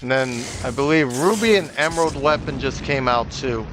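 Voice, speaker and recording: A man's voice: mid-range voice, animated, moderate pace, noisy background. A man streaming a video game, chatting casually with his viewers in loose slang. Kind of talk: casual live-stream commentary.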